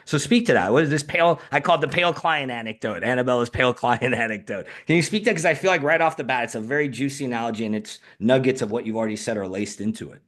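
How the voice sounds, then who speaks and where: A man's voice: medium pitch, quick pace, hardly any pauses, a bit bright. A man hosting an interview, asking long, enthusiastic, winding questions. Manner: enthusiastic, rambling lead-in questions. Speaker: podcast host.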